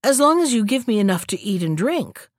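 Storybook strongman, casual and modest, woman reading, lively pitch. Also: brisk, dry recording, clean studio sound. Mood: offhand. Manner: offhand. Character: huge strong man, modest and offhand.

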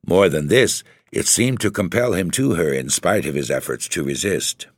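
A man reading a horror story aloud as narrator, in a measured, grave and dramatic manner. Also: low-pitched, very animated, no room sound, studio quality.

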